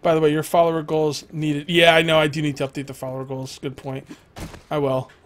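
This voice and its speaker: A man's voice: fairly high pitch, monotone, fairly quick. A young man chatting casually on a game live stream, rambling, laughing often and reading viewers' messages aloud.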